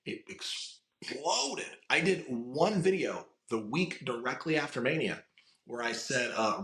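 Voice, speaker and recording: A man's voice: medium pitch, lively intonation, moderate pace, a bit bright. A man from the United States, a podcast guest, chatting casually in rambling stories full of swearing. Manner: rambling storytelling with frequent swearing. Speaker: guest, wrestling content creator. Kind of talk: casual interview chat. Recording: echoey room.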